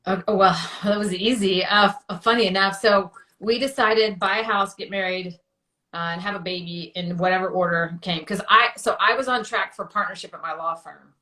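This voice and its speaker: Guest: woman, 30s, chatty storyteller, medium pitch, roomy echo. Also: moderate pace, bright, forceful tone. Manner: chatty, many fillers, acts out quotes. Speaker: interview guest. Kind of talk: emotional personal storytelling.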